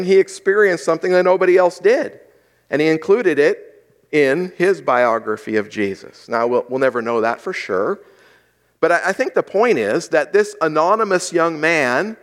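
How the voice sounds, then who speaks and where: Male preacher, slightly high-pitched, talks through scripture conversationally, asks the listeners questions. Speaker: pastor. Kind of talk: sermon.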